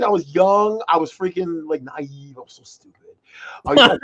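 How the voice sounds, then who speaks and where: A young man in his twenties chats casually as co-host, rambling excitedly through personal stories. His voice sits a little high. The audio is muffled and lo-fi. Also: brisk. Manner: excitable storyteller, many fillers like "like" and "freaking". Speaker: podcast co-host. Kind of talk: casual chat.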